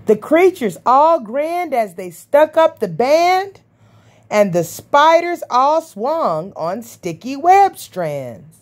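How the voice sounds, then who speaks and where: Woman, rhyming picture book read-aloud, sing-song rhythm, fairly high voice. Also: sing-song, slow. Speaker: storybook reader.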